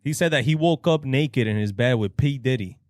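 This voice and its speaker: A man's voice: medium pitch, fairly quick, darkish tone, no room sound, studio quality. A man co-hosting a podcast in casual chat, passing on gossip with lots of hedges like "supposedly". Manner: hedging gossip, repeats "supposedly". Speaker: podcast co-host.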